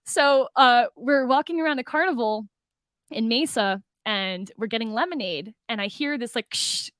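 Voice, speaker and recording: A young woman from Arizona telling her business story in an enthusiastic, animated way, acting out the dialogue and saying "like" a lot. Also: a little high, normal speed, no echo. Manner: enthusiastic, acts out dialogue, fillers like "like" and "oh my God". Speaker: guest, food business owner.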